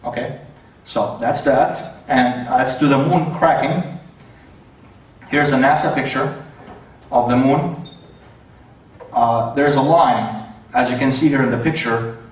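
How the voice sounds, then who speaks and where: A man at a mid pitch gives a debate talk, stumbling often and correcting himself as he goes. His voice rings around a very echoey hall and sounds set back from the microphone. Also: takes it slowly, long pauses, far from the mic. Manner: hesitant, many fillers and self-corrections. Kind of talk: debate presentation with slides. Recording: very echoey hall, voice away from the mic.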